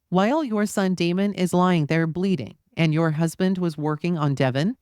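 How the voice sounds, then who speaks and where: A woman hosting a true crime podcast, reading both sides of a courtroom cross-examination aloud in a plain, steady voice, with casual asides. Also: fairly low pitch, moderate pace, few pauses, clean tone, no echo, studio quality. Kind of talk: reading a trial transcript aloud.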